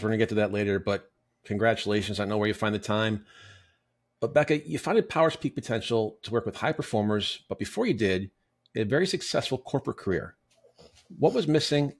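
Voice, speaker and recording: Male host, quick-paced intro read, self-corrects briskly. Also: on the low side, animated. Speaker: podcast host. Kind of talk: scripted guest introduction and interview.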